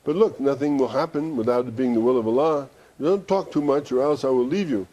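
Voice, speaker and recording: A wise holy man who speaks calmly and with assurance, a little higher than the teller's own voice, as a man puts him on. His tone stays warm and mellow. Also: fairly quick, highs cut off, lightly acted.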